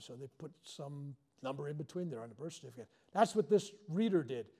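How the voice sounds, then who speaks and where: A man's voice: on the high side, animated, quick pace, few pauses, dark tone. Joking man telling stories to a workshop. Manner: joking, self-deprecating storyteller. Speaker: spiritual workshop leader. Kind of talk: live workshop storytelling. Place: workshop before a live audience.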